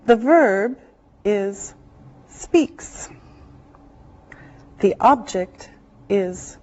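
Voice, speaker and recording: Woman teacher, high voice, super slow, stretches words out for the class. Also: lively intonation, a little mellow. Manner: slow, deliberate, drawn-out words for learners. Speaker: English teacher. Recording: dull lo-fi classroom recording.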